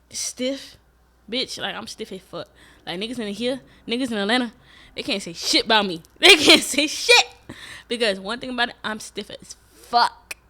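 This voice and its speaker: A young woman vlogging, talking candidly and emphatically in a casual reflective monologue, swearing freely and breaking into sudden loud outbursts. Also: mid-range voice. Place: Atlanta.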